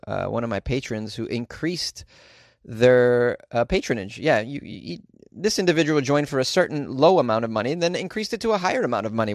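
On his own podcast, a medium-pitched man chats casually, tossing in sarcastic asides and lots of filler words. The solo episode has studio-quality sound without echo.

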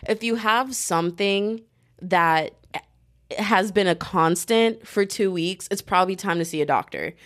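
Animated young woman podcaster telling stories. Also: medium pitch. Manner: animated and dramatic, slangy, quick asides. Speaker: podcaster, student. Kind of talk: casual storytelling chat.

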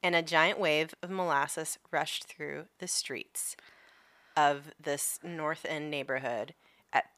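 A woman's voice: low-pitched, steady tone, slow pace, fairly bright tone, dry recording. A woman co-hosting a podcast in casual chat, laid-back and swearing, reading out historical facts. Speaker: podcast co-host.

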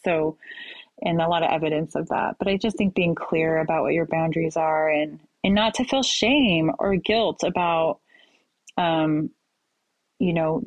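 Deep-voiced woman therapist, dry sound. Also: no room sound. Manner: thoughtful, advising, frequent fillers. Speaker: therapist guest. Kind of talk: conversational interview.

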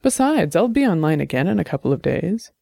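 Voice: medium pitch, very animated, brisk, gravelly, mellow, no room sound, clean studio sound. A narrator voicing a nervous, earnest middle-aged man in an audiobook, talking in an anxious, faltering way. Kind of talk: audiobook character reading.

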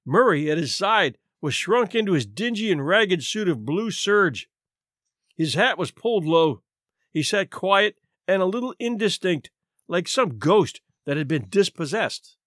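Lively male storyteller, higher voice. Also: measured pace, no room sound, clean studio sound. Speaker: narrator. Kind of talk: scripted narration.

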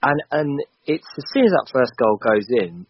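A man's voice: mid-range voice, big pitch swings, moderate pace, slight background noise. A man, a podcast guest, talking football in casual chat, emphatic and swearing freely, with restarts and repeats. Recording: dull lo-fi dry sound.

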